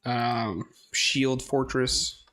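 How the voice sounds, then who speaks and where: A man's voice: medium pitch, little pitch movement, very slow, bright, forceful tone, dry recording. A man casually talking through a game, hesitant and rambling, laughing often and swearing now and then. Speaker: gaming streamer. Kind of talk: casual gameplay commentary.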